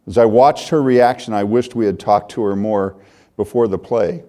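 Mellow-voiced older preacher reading a story. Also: male voice, on the low side, normal speed. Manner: earnest, heartfelt storytelling. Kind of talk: sermon, reading a story aloud.

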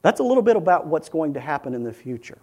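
A male pastor preaching a sermon, chanting repeated phrases with building intensity and dropping to a hush, speaking earnestly and directly to his listeners. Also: a little high, very animated, fast talker.

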